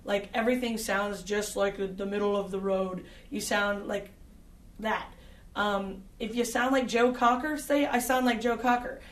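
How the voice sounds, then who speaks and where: A woman's voice: medium pitch, steady tone, normal speed, reverberant, recorded from a distance. A woman who works as an audio engineer, giving direct, conversational advice to singers, with frequent fillers. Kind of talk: instructional talk.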